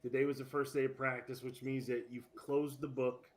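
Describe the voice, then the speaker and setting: Male sports podcast co-host, casual and animated, laughs at his own jokes. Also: medium pitch, normal speed.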